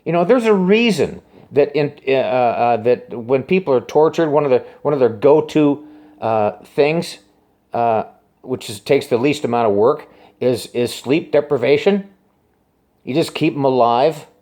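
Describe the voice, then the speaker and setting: A man tells a personal story straight to camera, circling back and repeating himself as he goes. His pitch swings widely, from low, hushed asides to high, urgent bursts. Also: lively intonation. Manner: rambling, halting, repeats himself. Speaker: musician telling a personal story.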